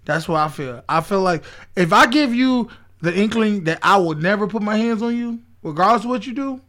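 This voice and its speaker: A man co-hosting a podcast, giving his opinions in an animated casual chat. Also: high voice, a little fast. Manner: opinionated, animated, laughs while talking. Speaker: podcast co-host.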